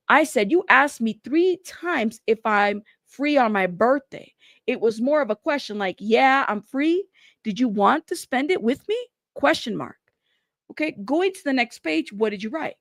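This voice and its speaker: Woman commentator, higher pitch, dry close sound, reads court records and reacts openly. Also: creaky, no room sound. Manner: animated reactions to the text she reads. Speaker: trial news commentator. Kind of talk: reading court transcripts aloud with commentary.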